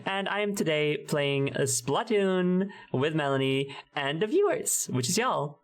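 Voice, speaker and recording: Rambling, giggly streamer with a high voice. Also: male voice, animated, a little slow. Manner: rambling, self-interrupting, giggly. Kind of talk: casual gaming stream chat.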